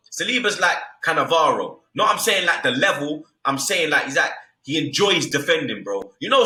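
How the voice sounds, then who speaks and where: Young man, football podcast co-host. Loud, profane street-slang rants in a bright, animated voice, recorded in a roomy space. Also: a little high. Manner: loud, swearing, repeats street slang tags. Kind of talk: heated casual football banter. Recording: echoey room.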